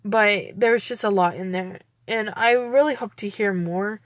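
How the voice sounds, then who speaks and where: A woman's voice: mid-range voice, normal speed, no room sound. A young woman talking in a personal vlog, rambling with many fillers and close to tears. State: teary, near crying. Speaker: vlogger.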